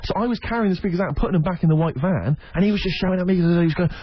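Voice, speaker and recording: A man co-hosting a radio show, telling an anecdote in a rapid, animated way and acting out what other people said. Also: high-pitched. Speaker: radio co-host. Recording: dull lo-fi radio recording.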